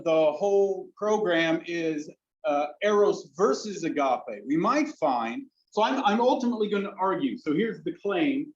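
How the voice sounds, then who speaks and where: A man who is a philosophy lecturer, giving an academic talk to an audience in a discursive, emphatic way that often corrects itself mid-sentence. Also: high-pitched. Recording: dull lo-fi lecture recording.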